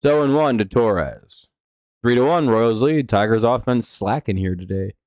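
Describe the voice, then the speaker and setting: Casting: man, stream host, mid-pitched, cursing and rambling, dry close mic. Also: expressive, a little slow, a little mellow, dry recording. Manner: profane, rambling, with many fillers and restarts. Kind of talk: casual live-stream commentary.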